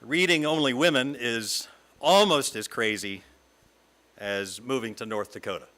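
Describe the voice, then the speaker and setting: Middle-aged man, guest speaker, scripted reflective talk, lyrical measured delivery, bright tone. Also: medium pitch. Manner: lyrical, measured reading with long lists. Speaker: guest speaker at a fellowship service.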